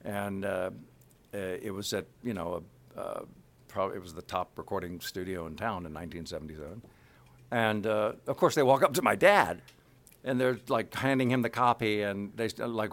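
A man's voice: fairly low pitch, normal speed. A man from the Kansas City area telling an anecdote about his career as a voice actor, acting out the dialogue as he goes.

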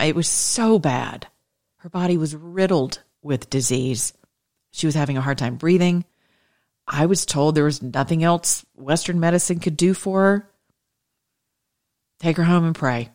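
A woman minister preaching with fervent testimony, swinging between loud declarations and hushed asides. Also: extremely low pitch. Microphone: studio microphone.

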